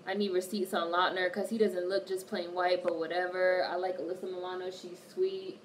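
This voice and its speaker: Reading out viewer comments on her casual livestream, a woman answers them with lots of swearing. She has a lowish voice with little pitch movement and talks fairly quickly, with few pauses. It's recorded on a distant mic with faint background noise.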